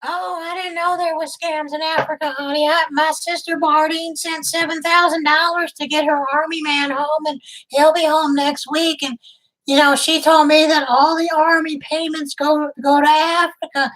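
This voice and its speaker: A lovesick, gullible woman who coos and frets in a piercingly high voice that hardly moves up or down, put on by a man as a prank. She sounds tearful and devoted, smothering her listener in endearments. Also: level tone, normal speed, bright, forceful tone, poor audio. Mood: doting gullible. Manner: doting, tearful, naive sweet-talk. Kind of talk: prank call role-play.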